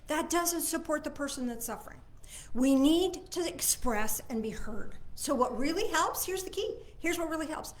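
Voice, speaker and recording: A woman minister giving an informal Sunday service talk. She speaks conversationally, checks in with her listeners, and moves between soft asides and emphatic points. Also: high voice, lively intonation, moderate pace. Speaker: spiritual minister.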